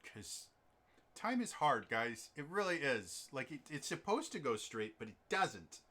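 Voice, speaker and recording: Rambling man with a bright voice. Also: mid-range voice, sing-song, a little slow, slightly rough. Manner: rambling, chatty, lots of ums and restarts. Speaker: game master and streamer. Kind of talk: casual chat on a stream.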